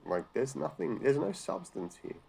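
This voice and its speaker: Swearing liberally, this Australian host reacts to news articles in an exasperated, sarcastic tirade. His medium-pitched voice is very animated, creaky, mellow and slightly rough, at a moderate pace.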